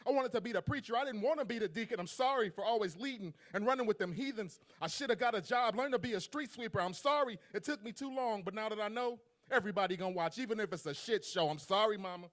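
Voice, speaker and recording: Man, spoken-word poet, rhyming cadence, pitch a touch high. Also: fast talker, few pauses, fairly bright tone. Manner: rhythmic, rhyming delivery building in intensity. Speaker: slam poet. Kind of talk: spoken word poetry performance.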